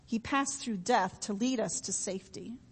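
A woman's voice: medium pitch, normal speed, slightly rough, in a large hall. A woman preaching a sermon in an earnest, repetitive way, with homey everyday examples.

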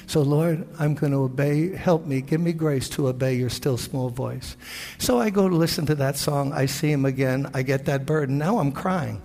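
An older male pastor preaching with earnest storytelling, acting out the prayers and conversations he recounts. His voice is gravelly and sits somewhat high for a man. It carries a long reverb from a large church hall. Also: normal speed, darkish tone. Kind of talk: sermon.

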